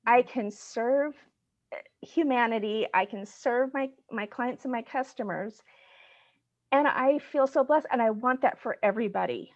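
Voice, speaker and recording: A middle-aged woman, a guest on the show, telling her personal story in an earnest, excitable way, at times close to tears, over a video call. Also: fairly high pitch, normal speed, dry recording, lo-fi sound. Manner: earnest, excitable, gets choked up. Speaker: guest, business owner. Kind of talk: emotional personal story in a casual chat.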